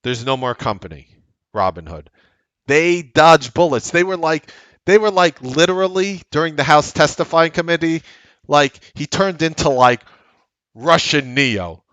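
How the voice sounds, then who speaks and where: A man's voice: on the high side, measured pace, no echo. A man hosting a trading show, giving casual, rambling market commentary with blunt language. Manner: animated, rambling, blunt with profanity.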